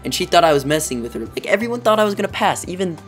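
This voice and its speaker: Excitable teenage boy telling a story. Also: high-pitched, very fast, faint music behind. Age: teens. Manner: excitable, rambling, heavy use of "like". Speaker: vlogger. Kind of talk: storytime vlog.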